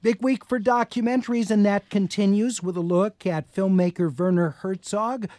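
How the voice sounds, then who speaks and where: A man hosts a radio film review segment with a notably high, light voice. He reads out the film details and turns to his critics with questions. The sound is dry and close on a studio mic. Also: steady tone, moderate pace, dark tone, dry recording. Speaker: radio host. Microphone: studio microphone.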